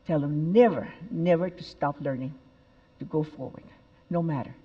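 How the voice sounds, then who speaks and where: An older woman tells stories on a big stage, animated and expressive, with sudden bursts of emphasis. Her voice rings through a large auditorium with a long reverb. The sound is a little dull and muffled. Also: low-pitched, moderate pace. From El Paso, Texas. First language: Spanish. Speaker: speaker at a TEDx event. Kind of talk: inspirational stage talk.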